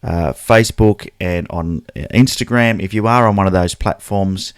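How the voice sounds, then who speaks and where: A man's voice: sits low, normal speed, smooth, no echo, clean studio sound. A man with an Australian accent hosting a casual photography live stream, chatting loosely and greeting viewers by name. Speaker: photography livestream host.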